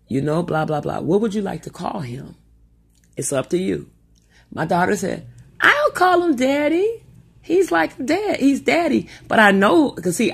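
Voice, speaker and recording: A woman's voice: low voice, vocal fry, husky. A middle-aged woman telling family stories in a rambling, profane, casual monologue. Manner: rambling and profane, with animated asides. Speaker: storyteller.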